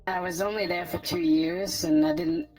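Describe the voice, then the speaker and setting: Casting: woman as a cybernetic woman, very low gravelly voice, inquisitive, music behind. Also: sing-song, normal speed, a little mellow, rough recording. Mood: curious. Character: curious cybernetic woman, matter-of-fact. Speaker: roleplay character. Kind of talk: in-character roleplay chat.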